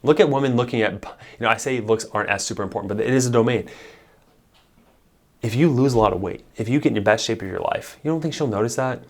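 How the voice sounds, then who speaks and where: A man's voice: mid-range voice, fast talker. A man, a marriage therapist, giving blunt, emphatic advice straight to camera with casual swearing. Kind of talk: direct-to-camera advice talk.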